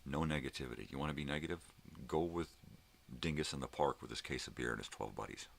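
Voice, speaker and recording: Very deep gravelly profane ranting man. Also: fast talker, a little hiss or hum. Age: middle-aged. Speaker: vlogger host. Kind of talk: casual morning rant.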